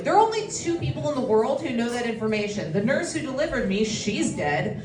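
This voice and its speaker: Woman stand-up comic, quick and self-deprecating, fairly high voice, echoey and a bit distant. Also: sing-song. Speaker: stand-up comedian. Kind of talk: stand-up comedy set. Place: comedy show in a bistro. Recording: echoey room from a distance, loud crowd.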